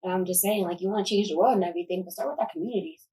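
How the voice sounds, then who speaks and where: A woman's voice: mid-range voice, mellow, recorded from a distance, rough recording. A young woman talking passionately in a casual discussion, packing her speech with fillers like "like". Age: young adult. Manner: passionate, fast, filler-heavy. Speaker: student guest.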